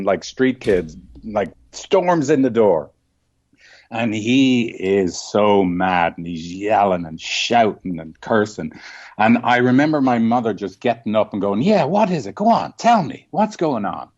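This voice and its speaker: A man's voice: fairly low pitch, a little mellow, muffled recording. A man with a Dublin Irish accent, a couples therapist telling stories earnestly, often tagging lines with "right?". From Ireland. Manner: earnest, storytelling, frequent "like" and "right?". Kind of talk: reflective interview talk.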